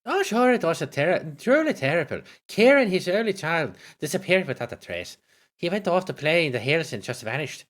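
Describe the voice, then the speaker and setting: A man's voice: on the high side, very animated, moderate pace, a bit bright, voice pushed up. A man voicing a busy, gossipy village woman while reading game dialogue aloud with a theatrical delivery. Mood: grave.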